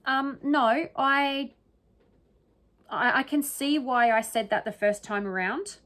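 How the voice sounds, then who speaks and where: A true crime commentator, a woman with a medium-pitched, fairly bright voice, gives casual solo commentary dissecting the wording of an interview. She thinks aloud and keeps checking in with "right?" and "okay?".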